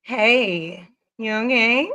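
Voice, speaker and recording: A woman guest joins the casual chat and talks in a hesitant, measured way, often restarting her sentences. Her voice sits fairly high and sounds bright.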